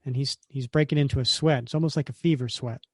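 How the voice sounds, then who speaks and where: A man's voice: medium pitch, fairly even intonation, fast, darkish tone, husky, no echo, clean studio sound. A man co-hosting a podcast, casually retelling a comic book story with lots of fillers and restarts. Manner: rambling, many fillers and restarts. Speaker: podcast co-host.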